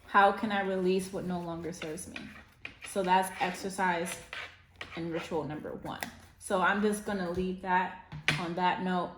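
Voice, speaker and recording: A woman's voice: on the low side, steady tone, measured pace, background noise. A woman giving a casual spiritual tarot reading, rambling and effusive, with lots of fillers. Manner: meandering, filler-heavy, effusive. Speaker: tarot reader. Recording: roomy echo.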